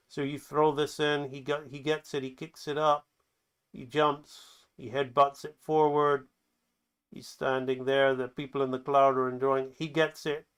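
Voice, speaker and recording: A man's voice: on the high side, clean tone. A man who teaches animation talks through his own animatic in a loose, chatty way, calling the action play by play. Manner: lively, excited commentary that acts out the scenes; loose, chatty, with fillers and restarts. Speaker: animation instructor.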